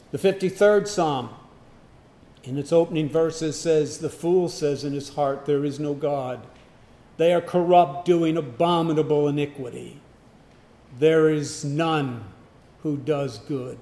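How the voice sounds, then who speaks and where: Slow, emphatic preaching man. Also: a little high. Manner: emphatic, swinging from loud declarations to hushed asides. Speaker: pastor. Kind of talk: sermon.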